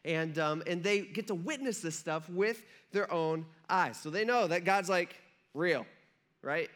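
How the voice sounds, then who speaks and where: A man's voice: high-pitched, unhurried. A man preaching a casual, conversational sermon, often asking his listeners questions. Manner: conversational, animated, asks the crowd questions. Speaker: pastor.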